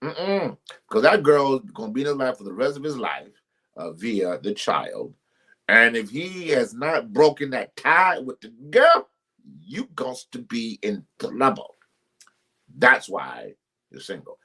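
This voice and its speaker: A man's voice: wildly swooping pitch, measured pace, sharp tone, slightly rough. Emphatic, preachy man on a live stream. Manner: repetitive, emphatic, preachy, with sudden jumps in pitch; addresses viewers directly and greets commenters by name. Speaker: ministry live-stream host. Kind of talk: casual live-stream relationship advice.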